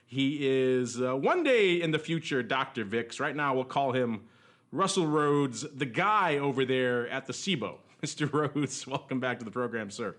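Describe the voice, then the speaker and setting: A man's voice: mid-range voice, lively intonation, measured pace, a bit bright. A man hosting a podcast in casual chat, jokey and rambling with frequent chuckles. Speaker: podcast host.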